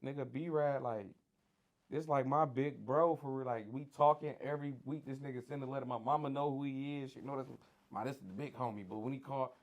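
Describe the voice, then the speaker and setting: A man with a Detroit accent telling his story in a casual interview, animated and slangy, acting out the voices of people he quotes. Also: medium pitch, fairly quick. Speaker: guest sharing his prison story.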